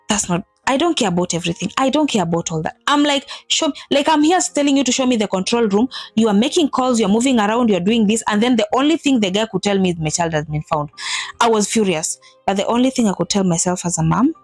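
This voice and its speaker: A woman in her thirties tells a personal vlog story in an animated way, acting out what people said with big jumps in her voice. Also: a little fast, no echo, soft background music. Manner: animated, acts out quotes with big pitch jumps. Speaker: vlogger telling a personal story. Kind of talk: emotional storytelling to camera.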